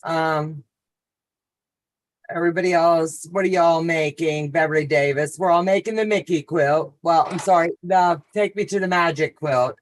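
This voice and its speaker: A woman's voice: deep voice, moderate pace, no room sound. A woman hosting a casual quilting livestream, chatting and reading viewer comments. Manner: friendly, reads viewer comments aloud.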